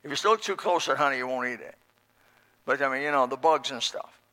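A man's voice: mid-range voice, a little fast, bright, forceful tone. A middle-aged man preaching a sermon in a folksy, emphatic way, repeating key phrases.

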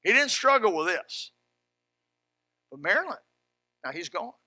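A man preaching a sermon in a folksy, fervent way, dropping to a hush and then rising loud. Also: high voice, very animated, measured pace, no room sound. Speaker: pastor.

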